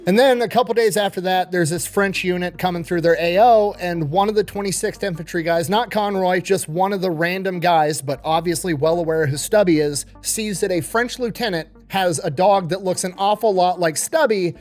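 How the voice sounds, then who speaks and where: High-voiced, wisecracking male storyteller. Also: moderate pace, few pauses, darkish tone. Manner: profane, wisecracking and conversational. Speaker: host. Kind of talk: casual comedic history storytelling.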